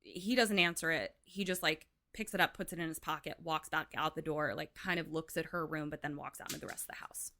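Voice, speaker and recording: A chatty woman podcaster retelling a movie in a casual, rambling way. Her voice is bright and sits on the low side, and she peppers her talk with "like". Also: fairly even intonation, fairly quick, hardly any pauses. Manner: chatty, heavy use of "like", acts out quotes. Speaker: podcast co-host. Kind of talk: casual chat, retelling a film plot.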